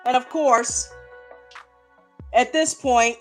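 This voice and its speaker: Woman, high voice, recap host, indignant and profane, faint music underneath. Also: a little slow, a bit bright. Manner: passionate, indignant, swears freely. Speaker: reality show recap host. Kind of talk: reaction recap commentary.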